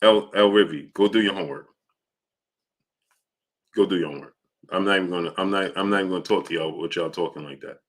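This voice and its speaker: A low-voiced man talks fast but leaves long pauses while hosting a boxing live stream. The commentary is casual: he argues with the chat, repeats himself and calls viewers out by name.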